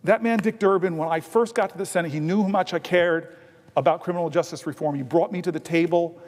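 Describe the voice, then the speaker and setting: A senator giving an impassioned floor speech, telling stories and building to emphatic, drawn-out stresses. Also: male voice, fairly high pitch, fairly even intonation, darkish tone. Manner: earnest storytelling that swells into emphatic, drawn-out stresses. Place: large legislative chamber. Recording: long reverb of a large chamber.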